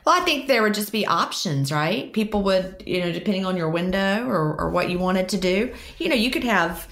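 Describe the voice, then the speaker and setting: A woman's voice: mid-range voice, animated, brisk, fairly bright tone. A woman co-hosting a podcast, talking in earnest, reassuring casual chat. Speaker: podcast co-host.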